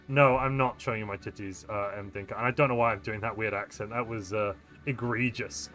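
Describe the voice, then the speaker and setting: A man's voice: fairly low pitch, fairly even intonation, brisk, few pauses, pushed and bright, soft background music. A man live-streaming a strategy game, casually chatting and joking with viewers as he reads their messages. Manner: chatty, answers viewer chat, playful and jokey. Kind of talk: live-stream chat while gaming.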